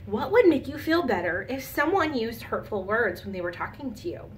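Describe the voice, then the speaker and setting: A woman teacher giving a lesson to young children, patient and encouraging, guiding them calmly. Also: on the high side, normal speed, slight background noise. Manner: calm, soothing guidance.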